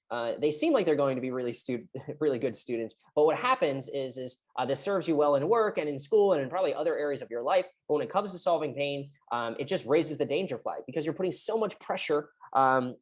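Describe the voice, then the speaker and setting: A woman physical therapist with an extremely low, slightly mellow voice talks directly to camera about recovery. She keeps it conversational, frequently checking in with "right?".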